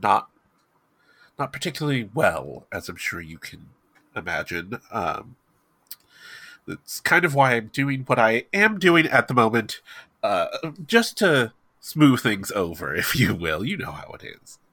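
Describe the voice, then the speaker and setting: Man doing a fussy formal young guy, stammering, bright, husky, lively pitch. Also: unhurried, full character voice. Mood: polite. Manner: stammering, prim formal diction.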